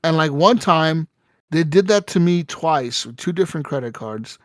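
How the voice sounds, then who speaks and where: Profane, animated male podcast co-host. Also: a little high, moderate pace, no echo, clean studio sound. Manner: profane, animated storytelling with mocking voices. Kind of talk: casual podcast chat.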